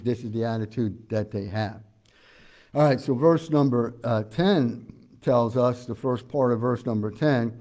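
A man preaching an expository sermon as pastor. He explains scripture verse by verse, asks the congregation questions and often pauses on "uh". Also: medium pitch, dark tone. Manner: preaches conversationally with frequent "uh" fillers.

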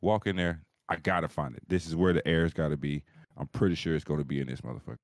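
A man's voice: extremely low pitch, fast talker, no room sound, clean studio sound. A man co-hosting a podcast over a video call, telling a long profane story in casual chat. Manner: rambling, profane, animated storyteller. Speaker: podcast co-host.

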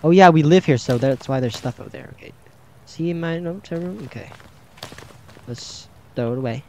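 A man's voice: on the high side, normal speed, vocal fry, a little mellow. A man commenting chattily as he plays a horror game, reading its dialogue aloud. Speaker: gaming channel host. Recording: slightly dull game recording with faint music.

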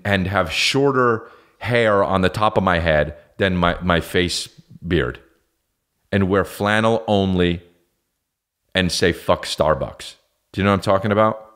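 Low-voiced man rambling profanely. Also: a bit bright. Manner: profane, digressive, self-mocking. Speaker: podcast host. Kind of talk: rambling comedic monologue.

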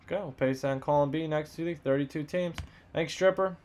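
A man with a slightly high, somewhat mellow voice hosts a live card box break. He reels off buyer names and teams in quick, upbeat banter while his voice is giving out.

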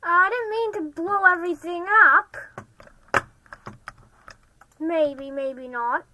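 A child commenting on a block-game match, excitable and often muttering quiet half-whispered asides. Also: very high-pitched, slow, slight background noise, rough recording. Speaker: gamer. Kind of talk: Minecraft gameplay commentary.

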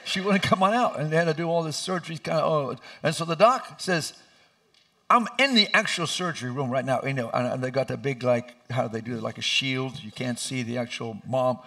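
A middle-aged man preaching as a pastor in a church, telling lively stories and laughing as he goes. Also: medium pitch, brisk, vocal fry. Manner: animated, laughing storyteller who acts out voices. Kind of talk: sermon with storytelling. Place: church sanctuary.

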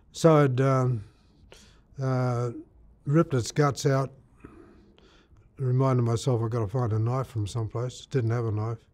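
A man's voice: mid-range voice, mellow. An older man from Australia, an interviewee telling his life story in a rambling way, full of fillers and repeated words.

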